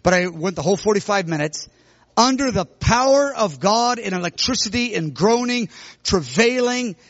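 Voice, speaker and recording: A middle-aged man preaching, telling a personal story with sudden loud outbursts. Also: high-pitched, normal speed, no echo, highs cut off. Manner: animated, bursts into loud shouts when retelling. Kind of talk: sermon testimony storytelling.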